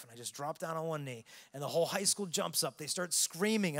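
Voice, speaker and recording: A man giving a keynote to a large youth conference, preaching with earnest storytelling that swings between hushed and loud. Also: fairly high pitch, a little fast, hardly any pauses. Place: large arena with long reverb. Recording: long hall reverb.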